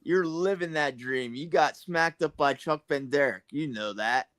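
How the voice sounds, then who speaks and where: A man joining a livestream as a guest, bantering in a teasing, excitable way. His voice is bright and sits a little high, and the sound is dry and close, with no room echo. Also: unhurried. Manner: teasing and excitable, pitch leaps up when surprised. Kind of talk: casual banter.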